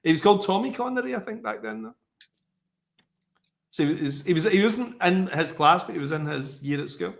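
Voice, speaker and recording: A man's voice: on the high side, big pitch swings, a little fast, vocal fry. A man from Scotland with a Scottish accent, chatting as a podcast guest and telling stories with self-mocking humor. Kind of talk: casual podcast chat.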